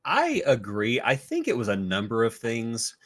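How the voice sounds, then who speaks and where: An easygoing man talking films on a podcast. His voice is bright and forward, with lively rises and falls. He fills his pauses with relaxed asides. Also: medium pitch. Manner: easygoing, drawn-out with fillers. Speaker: podcast host. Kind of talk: casual film review chat.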